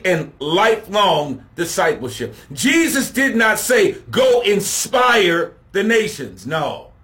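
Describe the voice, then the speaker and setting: A man preaching a sermon, slow and emphatic, building to shouted refrains as he contrasts points. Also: high-pitched.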